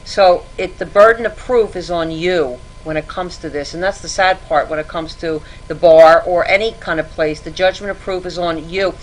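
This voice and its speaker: A woman's voice: on the low side, moderate pace, hardly any pauses, rough recording. A middle-aged woman, a podcast guest, giving earnest, cautionary advice about credit. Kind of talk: podcast interview.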